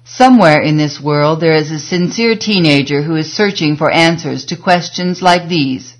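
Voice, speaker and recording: A woman narrating an audiobook in a measured, scripted reading that slows for emphasis. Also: low voice.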